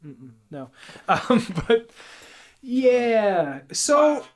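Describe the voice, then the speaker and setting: A man's voice: extremely high pitch, very animated, extremely slow. A young man co-hosting a podcast, talking loosely and laughing, peppering his speech with "dude" and "like". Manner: rambling, laughing, says "dude" and "like" a lot. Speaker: podcast co-host. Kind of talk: casual chat.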